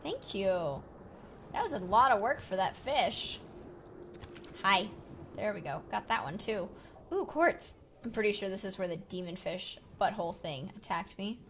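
Excitable young woman gamer. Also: mid-range voice, a little slow, a little hiss or hum. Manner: excitable, talks to game creatures, jumps from whispers to yelps. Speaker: gaming channel host. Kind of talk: casual let's play commentary.

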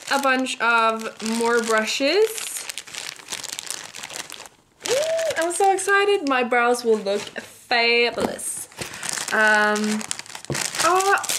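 A young woman talks slowly through a vlog unboxing, her voice sitting a little high. She gushes and giggles often, with many fillers. Noise and paper crinkling are clear behind her. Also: pushed and bright. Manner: gushing, giggly, lots of fillers. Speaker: beauty vlogger.

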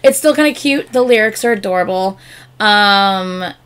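A woman hosting a reaction video, chatting casually and gushing excitedly with lots of fillers. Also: mid-range voice, normal speed, clear, resonant tone.

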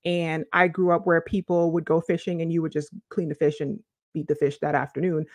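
A woman's voice: low-pitched, level tone, brisk, no room sound. A woman from the Virgin Islands, a life coach, giving emphatic advice straight to camera in a chatty vlog, repeating her key points.

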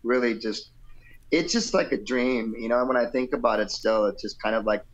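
A man's voice: medium pitch, moderate pace, highs cut off. A male rock singer telling a long, rambling story in a casual interview, playfully acting out other people's lines. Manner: animated, playful, acts out quotes with shifting voice; laid-back, rambling with fillers and "you know". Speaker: rock vocalist guest.

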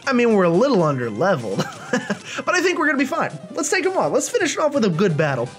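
A man's voice: sits high, huge pitch swings, fast talker, fairly bright tone, faint music behind. A man hosting a let's play, giving casual gameplay commentary in a chatty, jokey, rambling way.

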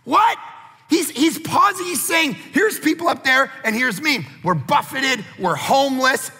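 Brief: male pastor in his forties, very high and bright voice with a gravelly edge, animated storytelling sermon in a big reverberant church hall. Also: a little slow, soft background music. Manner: animated storytelling preacher, acts out family dialogue.

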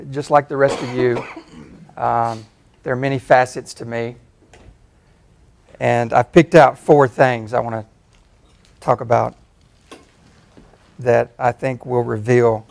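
A man in his fifties from Tennessee with a Southern accent, giving a relaxed, self-deprecating personal talk as a faculty speaker. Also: medium pitch, gravelly. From Tennessee, USA. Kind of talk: personal talk at a campus forum.

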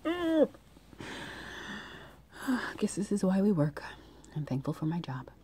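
A young woman chats through an outfit vlog with a very low, mellow voice. She rants in an annoyed tone and fills her talk with ums and restarts. Faint ambient noise sits behind her. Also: lively intonation, normal speed. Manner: annoyed, ranting, with many fillers. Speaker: vlogger. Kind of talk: casual vlog chat.

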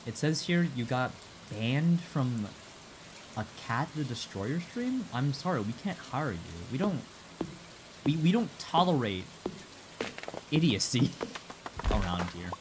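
A man's voice: medium pitch, takes it slowly, long pauses. A young man streaming a game, chatting casually, rambling and restarting his sentences, swearing and reading chat aloud. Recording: steady background noise.

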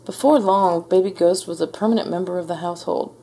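A woman reading a children's picture book aloud in a gentle, measured storytelling manner. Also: fairly low pitch, flat delivery. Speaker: storybook reader. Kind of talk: children's read-aloud narration.

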